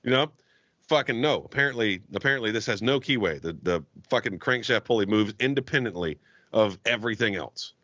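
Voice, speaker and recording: A man, an auto technician guest on a podcast, telling a story in casual chat with heavy swearing and animated ranting. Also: on the low side, a little fast, no echo. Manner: heavily profane, animated ranting. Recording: dull, dry lo-fi podcast audio.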